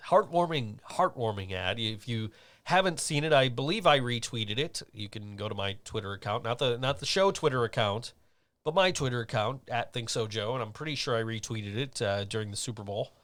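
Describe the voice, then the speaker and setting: A man's voice: mid-range voice, lively intonation, fairly quick, a bit bright. Chatty male podcast host. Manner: rambling, chatty storytelling with many fillers. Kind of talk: casual chat.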